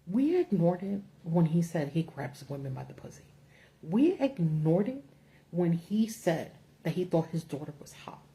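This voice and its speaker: A woman's voice: lowish voice, very animated, unhurried, warm tone. A woman hosting a casual livestream, ranting bluntly with profanity from notes at home under a ring light. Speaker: political commentary host.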